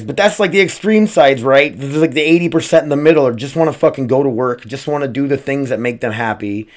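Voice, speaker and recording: A man's voice: mid-range voice, fairly quick, hardly any pauses. Profane rambling man podcasting solo. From United States. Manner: profane, rambling, rhetorical questions. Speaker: podcast host and streamer. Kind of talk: casual solo podcast rant.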